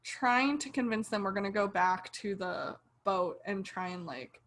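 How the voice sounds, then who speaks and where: A young woman co-hosting a podcast animatedly retells a TV episode, acting out her own reactions as part of a casual show-review chat. Her mid-range voice is a bit bright and unhurried, with slight background noise.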